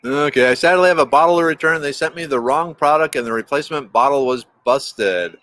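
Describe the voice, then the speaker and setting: A man's voice: fairly high pitch, brisk, fairly bright tone, dry recording. Rambling man hosting a livestream. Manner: rambling, restarts often, greets chat viewers by name. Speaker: livestream host. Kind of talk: casual livestream chat.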